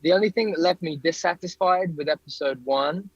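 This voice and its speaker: A relaxed American man joins a casual stream from his car. He speaks in an easygoing, friendly way. The audio is dull and dry. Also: fairly high pitch, a little fast, no echo. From Delaware, USA. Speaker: co-host. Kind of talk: casual chat.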